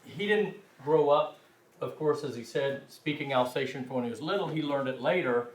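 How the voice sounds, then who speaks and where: A man's voice: medium pitch, normal speed, a little hiss or hum. A man giving a language class lecture, rambling and self-deprecating, with frequent restarts. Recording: echoey room, mic far off.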